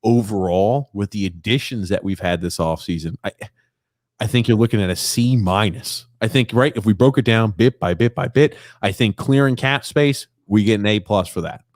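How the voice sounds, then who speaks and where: Easygoing host guy, lowish voice, dry close sound, casual sports chat. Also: normal speed, no echo. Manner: laid-back, laughs easily. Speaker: podcast host.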